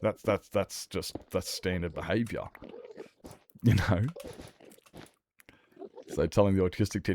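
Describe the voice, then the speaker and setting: A man's voice: sits low, fairly even intonation, unhurried, long pauses, darkish tone, slight background noise. A man chatting casually while streaming a game, rambling and repeating himself, swearing freely. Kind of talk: casual gameplay stream chat.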